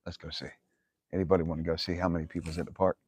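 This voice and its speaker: A man's voice: low voice, little pitch movement, rapid-fire, darkish tone, breathy edge. A man hosting a casual livestream from his yard, rambling and swearing, laughing often. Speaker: livestream host. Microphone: phone camera.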